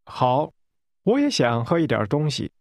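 A man speaking example phrases for a language course with slow, deliberate enunciation. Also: fairly high pitch, huge pitch swings, vocal fry, a little mellow, no room sound, clean studio sound.

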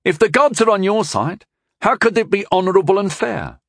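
A man's voice: medium pitch, sing-song, moderate pace, dry recording, clean studio sound, close to an everyday voice. A man voicing a cocky young male knight mage who talks in a smug, goading way.

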